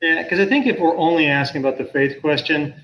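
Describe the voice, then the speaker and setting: A man's voice: a little high, fast talker, a bit bright, poor audio. A middle-aged man, a professor, talking earnestly and thoughtfully on a call, often restarting his sentences. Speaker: professor and guest speaker. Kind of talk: conversational talk on a video call.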